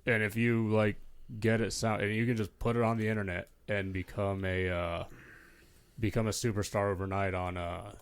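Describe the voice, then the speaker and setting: A man chatting casually as a podcast guest, speaking haltingly with pauses and restarts. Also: lowish voice, flat delivery, smooth. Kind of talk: casual chat.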